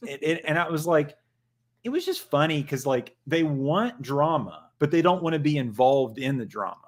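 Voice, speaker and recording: A man's voice: fairly high pitch, expressive, normal speed. A man hosting a casual livestream chat, rambling and joking with plenty of profanity. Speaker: channel host.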